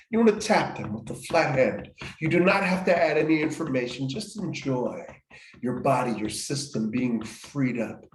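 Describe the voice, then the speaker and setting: His voice is a little high with a darkish tone, and the echoey room colors the recording. He's running a guided healing workshop, walking people through each step, repeating phrases and frequently starting over.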